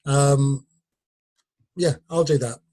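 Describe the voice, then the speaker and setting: A man's voice: medium pitch, fairly even intonation, slow, dark tone. An English man chatting and teasing others on a group video call. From England. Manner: joking, teasing. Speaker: meeting participant. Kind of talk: casual group call chat.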